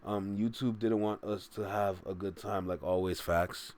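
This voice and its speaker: A man hosting a casual livestream reaction, fast-talking and joking, who calls himself a motor mouth. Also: on the low side, steady tone, darkish tone. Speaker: reaction streamer host.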